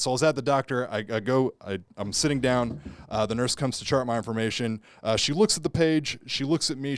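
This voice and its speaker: A man's voice: medium pitch, dry recording, clean studio sound. A young man with a Texan accent performing a self-deprecating stand-up set, acting out the people in his stories. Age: young adult. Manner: wry, self-deprecating, acts out characters. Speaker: stand-up comedian. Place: home setup for a virtual show.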